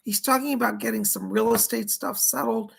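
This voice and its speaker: A hoarse man runs a live psychic reading stream. His voice is deeply gravelly and rough, almost all rasp. He chats as he passes on spirit messages and thanks viewers by name. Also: steady tone, brisk, fairly bright tone. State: dry throat, hoarse.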